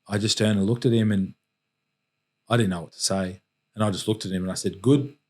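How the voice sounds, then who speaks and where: A man, a podcast guest telling personal stories in a candid, reflective way with halting restarts. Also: lowish voice. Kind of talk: candid storytelling in conversation.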